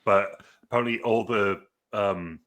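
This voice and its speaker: A man's voice: fairly low pitch, unhurried, a bit bright. A man with a British accent chatting casually about a movie, rambling with lots of fillers. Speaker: movie reviewer. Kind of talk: casual chat.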